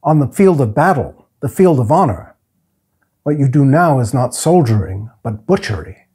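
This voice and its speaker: A man's voice: medium pitch, animated, moderate pace, dark tone, husky. A man reading aloud, voicing a hard, bitter soldier captain who talks in curt, harsh bursts. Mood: troubled, angry.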